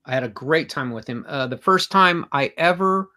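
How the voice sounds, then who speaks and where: A man's voice: on the high side, lively intonation, moderate pace. An older man, a comic artist guest, telling long anecdotes with frequent restarts in a casual interview. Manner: rambling, warm anecdotes with restarts.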